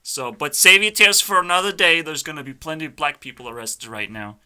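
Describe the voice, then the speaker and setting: Male YouTuber, live reaction rant; cocky, profane, piercingly bright tone. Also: on the high side, brisk, clear, resonant tone. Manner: brash, swearing, mock-arrogant ranting. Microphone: headphones on, desk mic.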